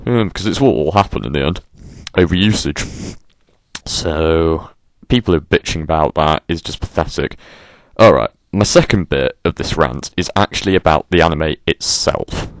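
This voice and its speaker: A man's voice: extremely low pitch, lively intonation, normal speed, dry recording. A man delivering an exasperated, sarcastic rant and swearing freely. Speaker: vlogger. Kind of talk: ranting monologue.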